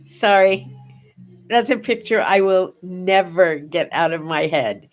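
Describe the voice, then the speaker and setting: Older female host, unhurried chatty delivery, soft on personal memories. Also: on the low side, faint music behind. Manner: chatty, warm-hearted, goes quiet and soft on sad memories. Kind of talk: casual morning chat to camera.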